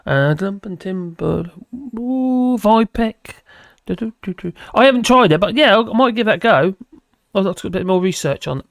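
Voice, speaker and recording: Rambling, chatty live-stream host. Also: male voice, high-pitched, lively intonation, moderate pace, gravelly, no echo, clean studio sound. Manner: rambling and chatty, laughs often. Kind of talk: casual live-stream chat, reading viewer comments.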